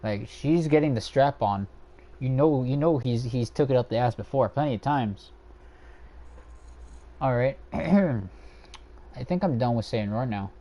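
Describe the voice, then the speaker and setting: A man's voice: medium pitch, lively intonation, unhurried, long pauses, mellow. A young man hosting a livestream from home, ranting casually and profanely with many fillers and restarts. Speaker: livestream host ranking characters.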